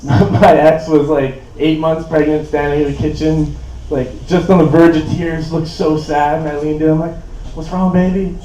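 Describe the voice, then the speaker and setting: Young man from Canada, easygoing stand-up with a slightly high voice, mic at some distance in an echoey room. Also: flat delivery, moderate pace, warm tone, slight background noise. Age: 20s. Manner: laid-back and rambling, full of "like" and "uh". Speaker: stand-up comedian. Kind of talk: stand-up comedy set. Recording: roomy echo, voice from a distance.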